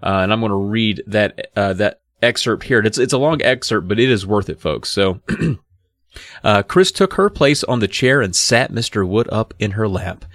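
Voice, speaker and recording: A man co-hosting a podcast, retelling a story in a lively, animated way and reading a book passage aloud. His pitch swings widely as he slips into high voices for the characters. The sound is close and dry, with no room around it. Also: normal speed, no room sound. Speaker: podcast co-host. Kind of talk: casual podcast recap with dramatic reading.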